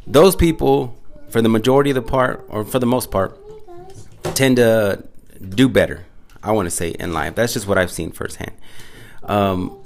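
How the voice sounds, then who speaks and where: A man's voice: fairly low pitch, normal speed. A man hosting a casual podcast chat, laid-back and sprinkling his talk with "man" and "dude".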